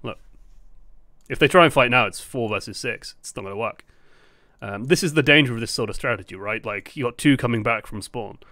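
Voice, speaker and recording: Young man, casual esports analyst, bright voice, swears freely. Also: medium pitch, a little fast, dry recording, studio quality. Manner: chatty, swears freely, animated asides. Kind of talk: casual match breakdown commentary.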